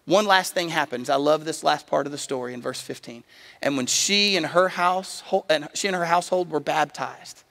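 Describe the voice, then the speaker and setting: A man's voice: on the high side, vocal fry, fairly bright tone, in a large hall. A man preaching a sermon as a pastor, telling a personal story and building to emphatic appeals. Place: church sanctuary.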